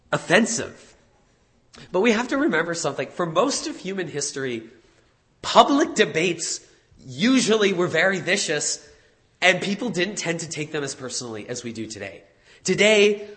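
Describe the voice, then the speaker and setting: A man with a fairly high-pitched voice delivers a sermon in a conversational style. He sometimes corrects himself and leans on words with lively emphasis.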